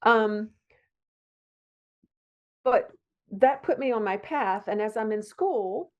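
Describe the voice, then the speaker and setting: Middle-aged woman guest from virginia, heartfelt, circles back and restarts, medium pitch. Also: a little mellow, lo-fi sound. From Virginia, USA. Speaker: guest, psychiatric nurse practitioner. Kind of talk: conversational interview.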